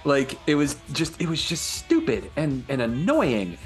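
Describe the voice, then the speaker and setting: A man co-hosting a casual podcast, talking with animated energy and frequent swearing. His pitch swoops up and down a lot as he gets worked up, and he laughs readily between points. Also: a little slow, faint music behind. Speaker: podcast co-host. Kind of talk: casual chat.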